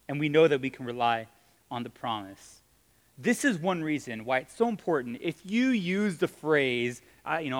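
A man's voice: a little high, fairly bright tone. A man preaching a sermon in a conversational, emphatic way, joking with his audience. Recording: long reverb of a hall.

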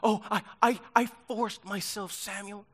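A whining, self-pitying grown man pleads his excuses, as a man puts him on during a Bible lesson. The voice sits well above the man's usual pitch, reedy and pleading. It comes across as pitiful rather than menacing. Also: steady tone, unhurried.

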